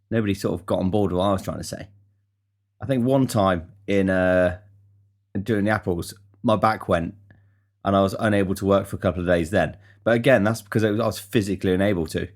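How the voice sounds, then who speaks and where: A young man with a low voice hosts his own podcast. He talks bluntly and swears his way through a casual rant. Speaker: podcast host. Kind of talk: casual monologue.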